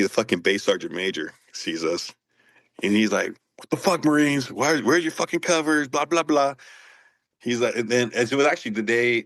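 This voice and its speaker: A man, a former Marine guest, telling profane war stories in casual chat. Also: on the low side. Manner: profane, animated storyteller. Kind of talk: casual storytelling.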